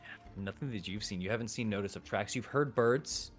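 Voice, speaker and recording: A man narrating as game master of a tabletop game, relaxed and loose, with some filler words. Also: lowish voice, fairly quick, faint music behind.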